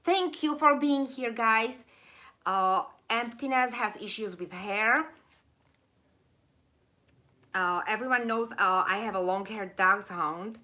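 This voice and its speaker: A woman's voice: a little high, bright, forceful tone. A woman with an accent hosting a live stream, rambling happily, thanking viewers and losing her voice. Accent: non-native accent. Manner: rambling, effusive, quick laughs, lots of thank-yous. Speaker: channel host of a live stream. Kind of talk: casual live-stream chat reading viewer comments.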